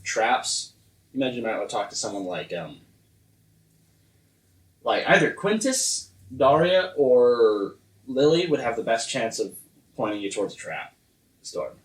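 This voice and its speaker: A man's voice: mid-range voice, very animated, measured pace, pauses often, distant mic. A man narrates a tabletop game as its game master, loose and full of fillers. He sits back from the mic in an echoey room. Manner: rambling, filler-heavy narration.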